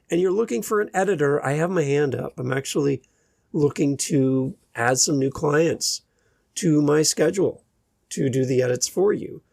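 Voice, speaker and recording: A man hosts a solo podcast, speaking slowly and deliberately with unhurried pauses between thoughts. His voice sits fairly high for a man and has a gravelly fry. The recording is dry and close, with no room sound. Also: a little mellow, dry recording. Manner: slow, deliberate delivery with long pauses. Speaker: podcast host and editor.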